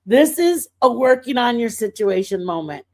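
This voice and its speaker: A woman hosting a livestream, telling faith stories in a casual, animated way and breaking into excited outbursts. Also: on the high side, moderate pace. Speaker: livestream host.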